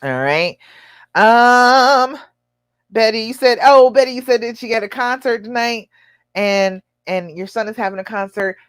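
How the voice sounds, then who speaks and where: A woman's voice: a little high, measured pace, smooth, no room sound. A woman hosting a live relationship-coaching show, answering viewer questions in an earnest, encouraging way and acting out imagined inner voices.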